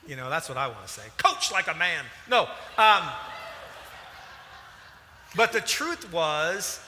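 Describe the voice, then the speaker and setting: A man preaching a sermon as a pastor, animated and emphatic, with sudden loud bursts. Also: fairly high pitch, a little slow, slight background noise. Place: church hall. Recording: large hall reverb.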